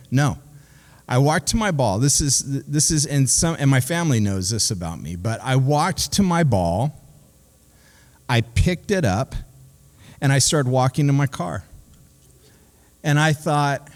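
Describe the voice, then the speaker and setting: A man's voice: on the high side, moderate pace. Chatty pastor man in a reverberant church. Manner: conversational, animated when telling stories, many fillers. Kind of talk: casual sermon with storytelling. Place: church sanctuary. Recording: long church hall reverb.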